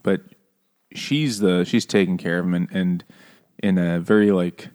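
Man, low voice, crude jokes, laughing book talk. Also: fairly even intonation, a little slow, a little mellow. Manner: irreverent, swearing, laughing. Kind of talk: casual book discussion.

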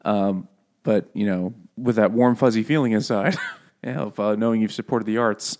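A man's voice: fairly low pitch, moderate pace, a little mellow. A man co-hosting a casual book podcast over beers, joking, swearing freely and laughing at his own jokes. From half Irish family. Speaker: podcast co-host.

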